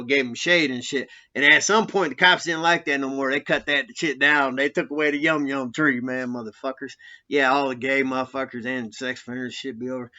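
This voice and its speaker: Man, ex-con storyteller, rambling and foul-mouthed, cutting bright voice, dull recording. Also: mid-range voice. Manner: profane, laughing, rambling. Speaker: former prisoner telling stories. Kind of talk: casual storytelling.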